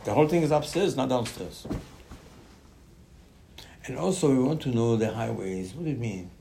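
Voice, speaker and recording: A man giving a Torah class in animated, non-native English, often repeating his words and jumping up in pitch. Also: normal speed, creaky, a little hiss or hum. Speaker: Torah teacher.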